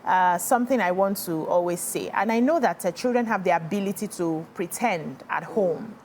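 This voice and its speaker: A woman with a Nigerian English accent hosting a radio phone-in. She moves the talk along and takes callers briskly. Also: on the low side, darkish tone, slight background noise. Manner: brisk, moderates calls, quick interjections. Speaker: host.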